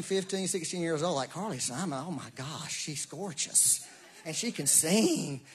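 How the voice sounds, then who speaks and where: A man, preaching a sermon in a folksy, animated way with asides and laughs. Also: fairly high pitch, breathy edge. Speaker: pastor.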